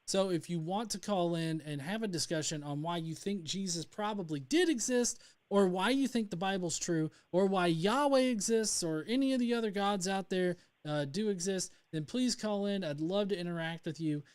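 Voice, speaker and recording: Young guy from north alabama on a home livestream, kinda high voice, lots of ums and false starts. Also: normal speed, few pauses, a little mellow, clear, resonant tone. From North Alabama, USA. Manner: rambling with many fillers and restarts. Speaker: livestream host. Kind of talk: casual livestream chat.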